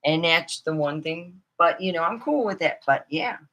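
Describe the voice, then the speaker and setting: A woman's voice: low voice, expressive, normal speed, fairly bright tone, slight background noise. A middle-aged woman telling rambling comic stories in a chatty, meandering way. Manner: chatty, meandering, many fillers. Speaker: comedian. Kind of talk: rambling stand-up storytelling.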